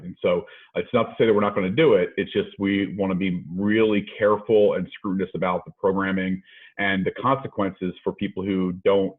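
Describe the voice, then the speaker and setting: A low-voiced health officer speaks in a flat, even tone over a narrow, phone-like line. He explains things deliberately and plainly for reporters. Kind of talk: press briefing answers. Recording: tinny phone-like call line.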